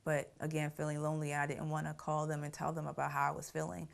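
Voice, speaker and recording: A woman's voice: low-pitched, completely flat delivery, fast talker, creaky. A middle-aged woman telling her family story in an interview, reflective and often laughing through painful memories. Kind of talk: personal storytelling.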